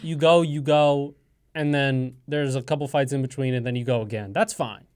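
A man's voice: medium pitch, moderate pace, clean tone. A man co-hosting a college radio sports show, talking in a casual, joking and opinionated way, making firm predictions. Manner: animated, joking, speaks in absolutes. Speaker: co-host.

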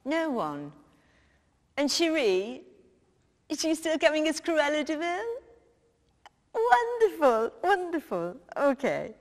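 A woman's voice: high voice, very animated, slow, pauses often, full character voice. A woman playing a brash, cheeky middle-aged female cabinet minister, who chats bluntly on the phone and swears freely in a comic sketch. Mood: breezy. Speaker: comedian. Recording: long hall reverb.

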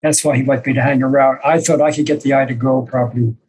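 A man's voice: medium pitch, fairly even intonation, fast talker, darkish tone, slight background noise, poor audio. An older man, a senior disciple, telling reflective, self-deprecating stories to a small group over a video call, with hesitant fillers. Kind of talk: storytelling to a small online group.

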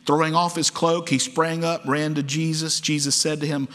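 A man's voice: a little high, fairly even intonation, moderate pace, few pauses, fairly bright tone. A man preaching a sermon as pastor, acting out quoted cries with dramatic force. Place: church sanctuary. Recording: long church hall reverb.

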